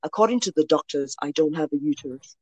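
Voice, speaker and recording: A Nigerian woman in her forties gives her faith testimony as a guest, speaking fast in a deep voice. An animated storyteller, she acts out the voices of the people involved; the recording is muffled, with no room sound.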